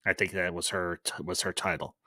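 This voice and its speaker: A man with a drawl talks through a live-stream review in a loose, chatty way, full of fillers and restarts. His voice sits low but rings bright and forceful. It is recorded dry and close, with no room sound. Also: little pitch movement, fairly quick, dry recording. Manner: chatty, loose, many fillers and restarts, greets chat viewers. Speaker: livestream host reviewing a series. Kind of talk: casual live-stream review, reading chat.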